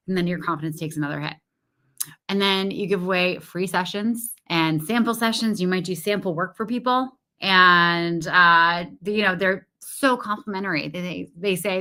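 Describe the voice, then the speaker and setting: A woman's voice: fairly low pitch, normal speed, bright, forceful tone. A woman business coach talking candidly and animatedly to her listeners, correcting herself and laughing as she goes. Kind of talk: casual solo podcast talk.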